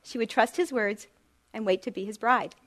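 Female storyteller, high voice, calm and gently expressive narration. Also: moderate pace.

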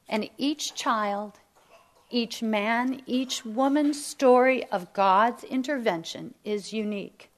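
A woman teaching a Bible study to women, emphatic and sometimes dropping to a near whisper. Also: fairly high pitch. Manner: slow, emphatic, drops to near whisper at key lines.

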